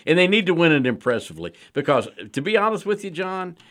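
Male sports radio co-host, lively pitch, halting and opinionated. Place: radio studio.

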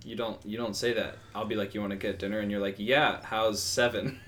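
A young man co-hosting a casual chat podcast, teasing his friends in a wry, deadpan way. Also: on the low side, brisk, a little hiss or hum. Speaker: podcast co-host.

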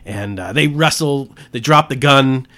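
A man's voice: mid-range voice, a little slow, pushed and bright. A man co-hosting a casual film conversation, recounting a plot with fillers and dropping short questions. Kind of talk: casual movie chat.

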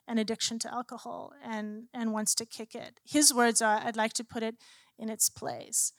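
A woman's voice: fairly high pitch, no room sound, clean studio sound. A woman who works as a Christian counselor gives an earnest teaching talk and retells sessions with clients in quoted dialogue.

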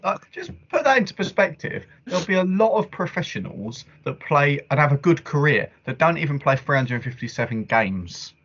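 A man's voice: fairly high pitch, very animated, brisk, few pauses, a bit bright, breathy edge, muffled recording. A man hosting a football podcast, talking earnestly with fillers and repeats. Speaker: podcast host. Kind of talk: casual football chat.

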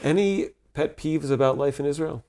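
A man's voice: a little high, normal speed, creaky, mellow. A male interviewer asking questions in an easygoing, casual way, laughing often.

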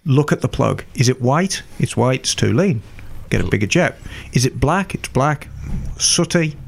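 A man's voice: medium pitch, expressive, moderate pace, vocal fry, slight background noise. An older man explaining motorcycle carburetor tuning with confidence, step by step, in a casual chat. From England. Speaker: motorcycle mechanic expert.

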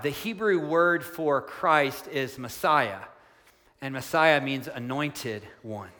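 A middle-aged male pastor preaching a sermon, earnestly, slowing down for emphasis and speeding up in excited asides. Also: a little high. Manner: earnest, shifts between soft slow emphasis and quick excited asides. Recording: long hall reverb.

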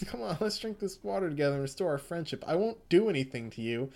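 A man's voice: sing-song, fast talker, vocal fry, darkish tone. A man voicing a starving shipwrecked man who has lost his mind, speaking in a raised, strained, wheedling voice. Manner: wheedling then snapping, high and strained. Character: starving shipwrecked man turned unhinged and menacing.

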